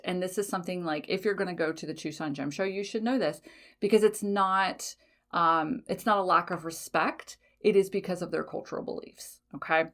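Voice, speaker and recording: A woman's voice: fairly low pitch, fairly bright tone. A woman hosting a podcast in a casual solo chat, laughing often, swearing lightly and correcting herself as she goes. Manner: frequent fillers, self-corrections. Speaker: podcast host.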